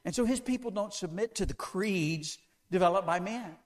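A man's voice: sits high, moderate pace. A man preaching a sermon to a congregation, asking them one question after another with an emphatic delivery. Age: older.

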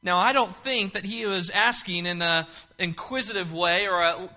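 A man's voice: sits high, moderate pace, sharp tone. A man preaching a sermon, reading scripture aloud and then explaining it with emphatic repetition and frequent restarts. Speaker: pastor.

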